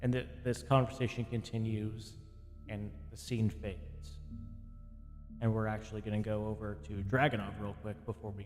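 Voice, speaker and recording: Game master man with long reverb. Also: lowish voice. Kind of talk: narrating a tabletop game.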